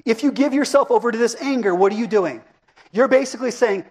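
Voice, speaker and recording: A middle-aged man with a notably high voice gives a sermon. He preaches in a relaxed, conversational way, often stopping to ask the congregation questions and pick up their answers. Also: fast talker. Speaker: pastor. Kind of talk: interactive sermon.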